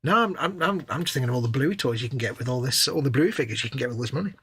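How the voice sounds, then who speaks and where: Bright, husky-voiced man chatting. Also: mid-range voice, lively intonation, racing. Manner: rambling, restarts a lot, reads out chat comments. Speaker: co-host of a live model-making stream. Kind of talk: casual live-stream chat.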